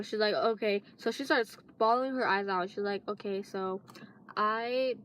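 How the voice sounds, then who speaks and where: A woman's voice: medium pitch, unhurried, fairly bright tone. Rambling teenage girl telling a story. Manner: rambling, many fillers and restarts. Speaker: vlogger. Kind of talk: casual storytime monologue.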